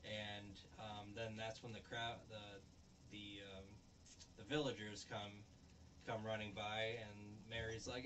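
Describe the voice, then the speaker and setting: A man with a fairly low voice rambles through a recap of a show. He is loose and profane and acts out bits of dialogue. Faint hiss sits behind him. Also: level tone, takes it slowly, fairly bright tone. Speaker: show reviewer and host.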